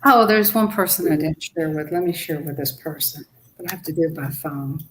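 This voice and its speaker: A woman's voice: low voice, brisk, slight background noise. An older woman co-hosting a casual livestream, chatting in friendly asides. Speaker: co-host.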